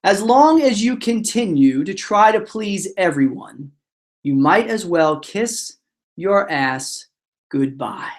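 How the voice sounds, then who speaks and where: A man presenting a motivational webinar, telling stories in a lively way and acting out the voices of the characters. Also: high-pitched, slow. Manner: animated storyteller, acts out voices. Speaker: motivational speaker.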